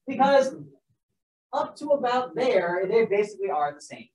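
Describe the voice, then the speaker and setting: This man's voice is high and a little mellow, swinging widely in pitch at a normal speed. He's teaching a math class in a loose, rambling lecture, cracking jokes on the side and starting over as he works out sums. The classroom recording sounds dull and distant.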